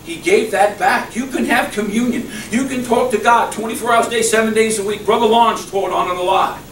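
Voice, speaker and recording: A middle-aged male pastor preaches with a fairly high voice, swinging from loud exclamations down to soft, low murmurs. He is heard from some distance in an echoing church, with a faint hum behind him. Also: fairly even intonation, a little fast. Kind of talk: sermon.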